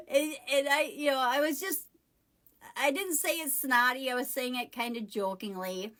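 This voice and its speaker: A woman vlogger with a slightly high-pitched voice tells a personal story to her viewers. She rambles casually and keeps correcting herself as she goes. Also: normal speed, bright, forceful tone. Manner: chatty, rambling retelling with self-corrections.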